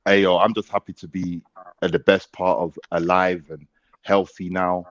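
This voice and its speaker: A man's voice: deep voice, level tone, moderate pace, dry recording. South London man on a dull dry call line. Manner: slangy, earnest, laid-back. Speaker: guest panelist. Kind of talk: casual chat.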